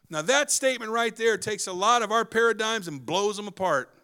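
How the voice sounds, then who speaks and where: Male pastor preaching with an animated delivery, bright and forceful, acts out scenes. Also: sits high, fairly quick, few pauses, clear, resonant tone. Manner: animated, wide swings in loudness and pace; acts out quoted dialogue. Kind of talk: sermon.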